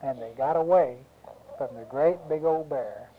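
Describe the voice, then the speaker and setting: An adult telling a children's story aloud, animated, with sound effects and questions to the listening kids. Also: medium pitch, unhurried, over a noisy crowd. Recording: dull lo-fi home recording.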